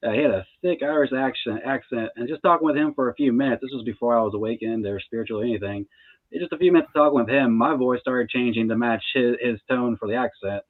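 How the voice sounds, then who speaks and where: A man's voice: mid-range voice, quick pace, dry recording. A laid-back man in his thirties chats casually as a guest, often breaking into a short laugh. His voice comes through a tinny, phone-like line with a dry sound. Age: 30s. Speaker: tarot reader guest. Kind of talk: casual interview chat.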